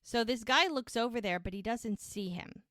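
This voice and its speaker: A woman's voice: a little high, moderate pace, fairly bright tone, dry recording, studio quality. A woman podcast co-host giving a chatty recap of a TV episode, telling it as a story and acting out the characters' lines. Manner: chatty storytelling, acts out quotes.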